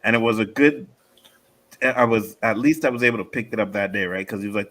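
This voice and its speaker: Lively low-voiced man host swearing freely. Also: a little fast. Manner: animated, profane storyteller who acts out other people. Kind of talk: casual chat.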